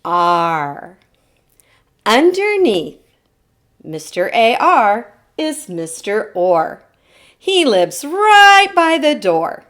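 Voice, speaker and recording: Slow, lively-voiced woman teaching phonics. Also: on the high side. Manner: patient, models sounds for children to repeat. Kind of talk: televised phonics lesson. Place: TV studio lesson set.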